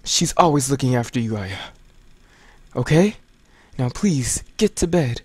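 A man's voice: mid-range voice, expressive, a little slow, darkish tone, husky, no echo. A man voicing a stern, possessive scientist father in a horror game, firm and coldly soothing.

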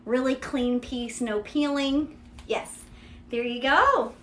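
A woman's voice: high-pitched, slow, fairly bright tone, roomy sound, slight background noise. A woman from Kentucky with a Southern drawl, hosting a live-stream sales showcase in a chatty, upbeat way. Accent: Central Kentucky Southern drawl. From Kentucky, USA. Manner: chatty and upbeat, filler-heavy ("yeah", "there you go"). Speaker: host selling vintage luxury bags.

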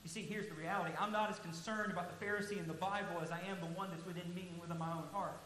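Male pastor mid-sermon with a very high, forceful voice, earnest and emphatic, recorded in an echoey church hall with faint hiss. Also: fairly even intonation. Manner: earnest, emphatic preaching that slows to stress key words. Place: large church sanctuary.

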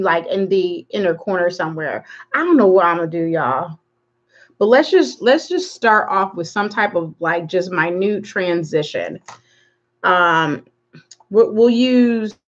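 A woman's voice: medium pitch, lo-fi sound. A woman hosting a live makeup tutorial, chatting casually and rambling while she greets viewers by name. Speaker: makeup livestream host.

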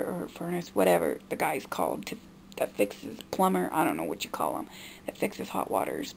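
Young woman vlogger ranting about family stuff, kinda gravelly, faint hiss behind. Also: very animated, moderate pace, darkish tone. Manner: frustrated, mimicking others in a high nagging voice. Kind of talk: venting monologue.

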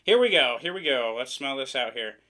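A Midwestern American man, his mid-range voice brisk and sharp with lively intonation, is a vlogger unboxing a product. His commentary is casual and rambling, full of jokes and self-deprecating jabs.

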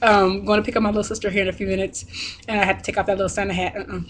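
A young woman vlogging as she unboxes a package, excited and gushing, and laughing often. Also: medium pitch, very fast, slight background noise.

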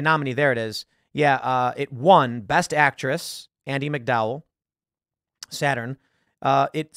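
A man's voice: medium pitch, fairly bright tone, dry recording, studio quality. A man hosting a casual talk show, rambling about films while searching online and acting out lines. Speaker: podcast host. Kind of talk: casual commentary.

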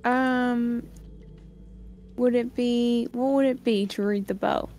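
Playful woman player, fairly high voice. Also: fairly even intonation, moderate pace, dark tone, faint music behind. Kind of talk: casual tabletop game chat.

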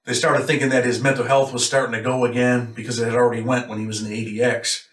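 A man's voice: medium pitch, flat delivery, fast talker, fairly bright tone. A man from New York State, a former prisoner, telling a story in a blunt, matter-of-fact way. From Rochester, New York. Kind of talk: casual storytelling. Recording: roomy echo, mic a bit far off.

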